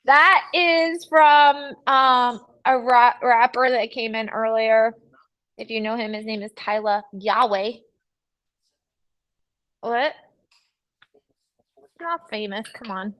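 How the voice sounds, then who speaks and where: A woman with a high, bright voice hosts a casual live stream from a studio. She chats with viewers and crew in a teasing, chatty way and laughs often. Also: fairly even intonation, slow, long pauses. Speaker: livestream host.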